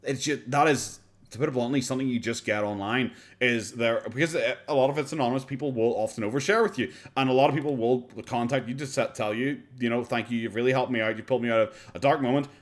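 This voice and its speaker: An Irish man talks over a video in casual reaction commentary. His voice sits at an ordinary pitch, and his tone is sarcastic and salty, with frequent swearing and laughter. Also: fast. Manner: sarcastic, profane, laughs often.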